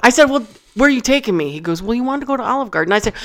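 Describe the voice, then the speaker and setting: A woman's voice: on the high side, expressive, rapid-fire. A woman on a podcast telling a funny story in casual chat, acting out quotes, laughing often and swearing. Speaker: podcast co-host.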